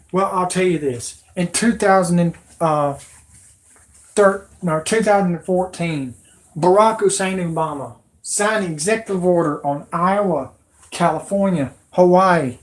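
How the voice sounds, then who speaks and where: A livestream host giving an agitated, emotional, rambling rant into a computer microphone. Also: medium pitch. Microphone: computer mic.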